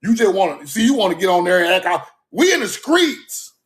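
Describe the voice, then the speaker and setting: A man ranting loudly on a livestream from home, swearing, repeating "bro" and laughing between points. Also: sits high, big pitch swings, a little fast. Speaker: livestream host. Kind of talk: heated livestream rant.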